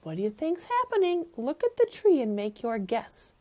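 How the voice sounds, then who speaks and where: A woman teacher reading a picture book aloud to children in an animated, sing-song way, pausing to ask the listeners questions. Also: high voice.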